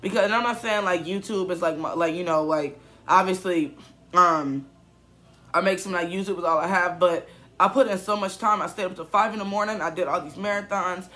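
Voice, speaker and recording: Young male vlogger, twenties, high bright voice, upset and rambling, lots of fillers. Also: fairly quick. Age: 20s. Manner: rambling, many fillers and restarts; upset, emotional. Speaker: YouTuber. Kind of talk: casual vlog story.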